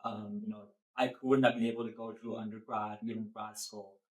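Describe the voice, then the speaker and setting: A man's voice: on the low side, flat delivery, a little fast. A young man in the audience, earnestly thanking the speaker and then asking a question, with many fillers. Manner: earnest and grateful, soft, with fillers. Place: lecture hall. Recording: echoey hall.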